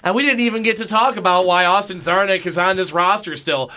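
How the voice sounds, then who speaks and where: A man hosts a sports talk show from a radio studio and gives blunt, exasperated takes on the team. His voice sits high and sounds bright and forceful. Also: brisk. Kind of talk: casual sports radio banter.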